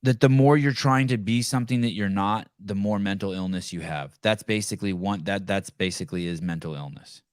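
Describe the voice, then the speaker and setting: A man's voice: fairly low pitch, a little fast, hardly any pauses, clear, resonant tone, dry recording, clean studio sound. A man hosting a podcast, ranting bluntly and profanely in casual commentary. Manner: blunt, swearing, animated rants. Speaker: podcast host.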